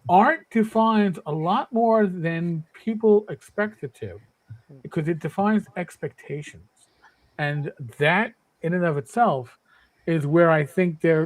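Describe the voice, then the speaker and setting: A high-pitched man in his fifties talks emphatically as a panelist in a casual podcast chat, often repeating words as he begins a thought. The audio quality is poor.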